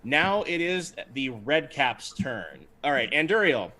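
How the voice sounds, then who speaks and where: A man's voice: mid-range voice, big pitch swings, measured pace, bright, forceful tone. Chatty man running a tabletop game. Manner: easygoing, chatty, with frequent ums. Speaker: game master. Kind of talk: narrating a tabletop game on a livestream.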